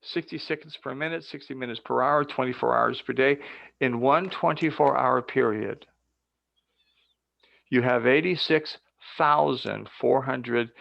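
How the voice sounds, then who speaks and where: A man's voice: medium pitch, measured pace, vocal fry, dry recording. An older man speaking as a guest speaker, giving an earnest, emphatic motivational talk with stories over a video call. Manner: earnest, emphatic and building up to points. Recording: dull lo-fi dry audio.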